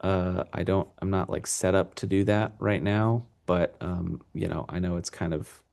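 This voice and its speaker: A man's voice: sits low, steady tone, moderate pace, gravelly, darkish tone. A man teaching a class in an unedited recorded lesson, talking casually and rambling with many fillers.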